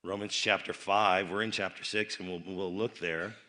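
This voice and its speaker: A man preaching a youth rally sermon, dropping into quiet asides and rising to loud emphatic bursts, often repeating and restarting his phrases. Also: low voice, fairly even intonation, moderate pace.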